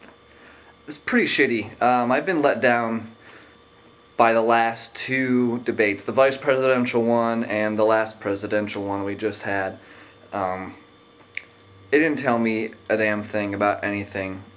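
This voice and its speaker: A man's voice: mid-range voice, a bit bright. A young man vlogging a casual, sarcastic rant. He rambles and hesitates, with lots of fillers.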